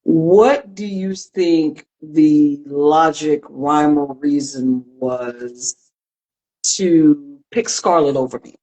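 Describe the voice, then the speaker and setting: A woman's voice: sits low, extremely slow, warm tone, dull audio. A woman co-hosting a casual live-stream chat, leading the talk with playful, dry humor. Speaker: co-host.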